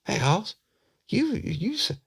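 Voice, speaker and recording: A man's voice: high-pitched, sing-song, slow pace, vocal fry, slightly rough, pitched above the performer's own voice, exaggerated voice. A man voicing a blunt male detective partner who asks pointed questions in a casual tone.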